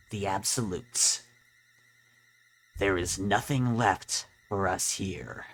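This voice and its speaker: A man voicing a cold sinister spirit of a dead child in a gruff, low, slow growl for a video game. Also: fairly bright tone, slight background noise, full character voice.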